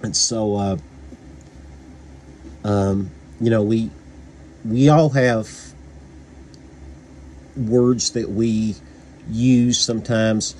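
A man's voice: on the low side, fairly even intonation, drawn-out words, pauses often, a little mellow, slight background noise. A man from Kentucky with a Kentucky accent, casually reviewing a book, rambling with many fillers and restarts.

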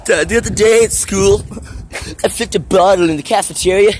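A teenage boy with a fairly high voice rambles into his handheld phone while wandering outside. His talk is goofy and self-mocking, full of random asides. Traffic rumbles clearly behind him. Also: a little fast. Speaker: vlogger. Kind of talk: rambling walk-and-talk vlog. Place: outdoors, streets and an alley. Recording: phone audio with traffic noise.

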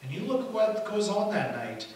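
A man preaching a sermon as pastor, telling the story in an animated way and acting out the quotes. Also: high-pitched, normal speed. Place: church hall. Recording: echoey hall from far off, faint hiss.

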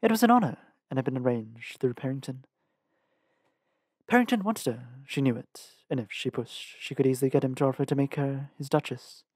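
A man reading a fantasy novel aloud as a fan audiobook, steady with occasional self-corrections. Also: medium pitch, a little fast, slightly rough, no echo, studio quality. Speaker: audiobook reader.

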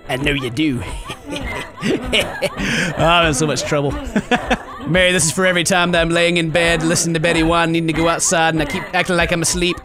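A man giving casual gameplay commentary, goofy and excitable, bursting into shouts. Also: on the high side, fairly quick, over music. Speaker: YouTube gaming commentator.

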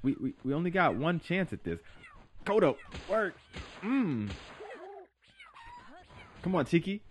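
A young man giving excitable, slangy commentary while he plays a game, yelping and talking to his creature. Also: fairly high pitch, measured pace, a little hiss or hum. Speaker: gaming YouTuber. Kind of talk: live gameplay commentary. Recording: faint game music behind.

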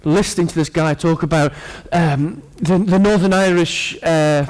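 Fairly high-voiced earnest male preacher. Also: unhurried. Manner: earnest, with playful asides to the congregation. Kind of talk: sermon.

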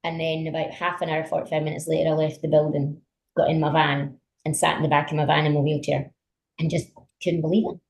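A woman with a notably low voice, chatting as a podcast guest. She tells her stories with animation and plenty of ums and restarts. The talk stays relaxed and conversational. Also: fast talker, gravelly, low-quality recording. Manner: animated storyteller, many fillers. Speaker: politician guest. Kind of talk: casual conversation.

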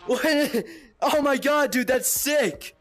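Young male gamer, high-pitched, hyped and repetitive in casual chat. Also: slow, soft background music. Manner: excitable, repeats phrases, exclaims often. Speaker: gaming video creator.

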